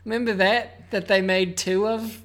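A man's voice: high voice, flat delivery, moderate pace, fairly bright tone. A man guesting in a casual chat, dry and sarcastic, swearing freely.

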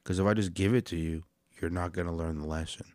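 A man's voice: deep voice, fast talker, no echo, studio quality. A man hosting a podcast, telling stories and giving rambling, profane comedic commentary on videos. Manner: rambling, profane, animated storyteller. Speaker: podcast host reacting to videos.

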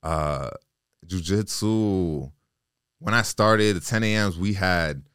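A young man as a podcast guest in casual interview chat, loose and animated with lots of "like". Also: sits low, slow pace, clear, resonant tone, no echo, studio quality. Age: young adult.

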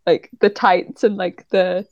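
A woman's voice: lowish voice, flat delivery, takes it slowly, a little mellow, no echo, lo-fi sound. A woman chatting casually, gushing with enthusiasm and laughing often. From Britain. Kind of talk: casual chat.

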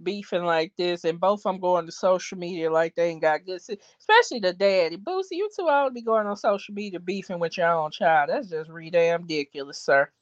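A woman co-hosting a gossip show, giving blunt, quick commentary. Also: on the low side, no room sound, lo-fi sound. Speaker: co-host. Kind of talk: casual gossip chat.

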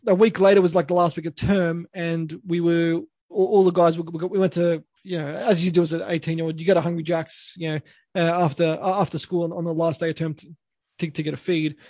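A man's voice: fairly high pitch, flat delivery, brisk, darkish tone, no room sound. A young Australian man, a podcast co-host, telling a rambling story full of restarts and laughs. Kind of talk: casual storytelling.

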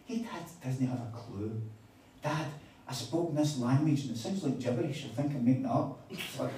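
Male preacher, mid pitch, animated storytelling, big echoing room, distant mic. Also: normal speed. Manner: animated, chatty storytelling with quoted dialogue. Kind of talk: sermon with storytelling. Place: conference hall on a weekend retreat. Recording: echoey hall, mic at a distance.

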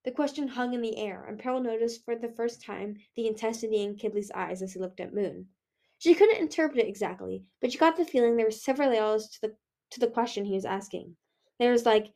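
Woman reading a chapter out loud, steady, a bit high. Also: fairly quick. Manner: steady, with small slips. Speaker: reader. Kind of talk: audiobook reading.

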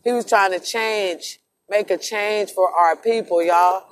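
A woman's voice: mid-range voice, unhurried, a little hiss or hum. A woman talking straight to her viewers in a casual vlog, emphatic and emotional, swearing freely and calling them "y'all". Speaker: vlogger.

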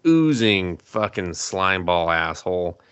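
A man's voice: low-pitched, sing-song, takes it slowly, a bit bright, clean tone, no room sound. A man hosting a casual anime review podcast, swearing freely and acting out characters in quoted voices. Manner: profane, acts out characters in quotes. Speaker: podcast host.

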